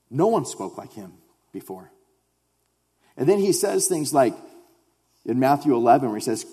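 A man preaching a sermon with passion, swinging from loud emphatic stretches to quiet, low passages. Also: big pitch swings, moderate pace. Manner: impassioned, rising to loud emphatic stretches, then dropping quiet. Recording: long hall reverb.

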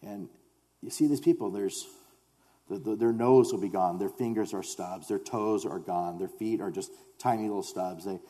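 A man preaching a sermon with passion, swinging from loud emphatic stretches to quiet, low passages. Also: normal speed. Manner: impassioned, rising to loud emphatic stretches, then dropping quiet. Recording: long hall reverb.

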